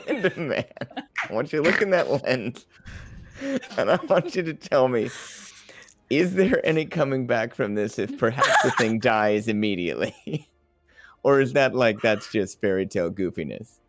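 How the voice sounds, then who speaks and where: A young man playing a tabletop game, joking and animated. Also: mid-range voice, moderate pace, soft background music. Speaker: player.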